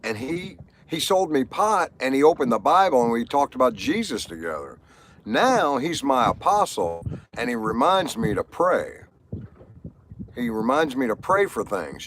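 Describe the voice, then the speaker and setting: A man's voice: mid-range voice, big pitch swings, normal speed, background noise. A man hosting a casual livestream, telling rambling stories and jokes to viewers and laughing at his own punchlines. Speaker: livestream host.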